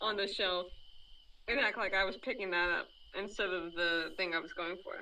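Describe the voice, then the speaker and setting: A player in a tabletop game speaks casually while fighting the hiccups. The voice is bright and sits at a middle pitch. It sounds distant from the mic. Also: normal speed. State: has the hiccups.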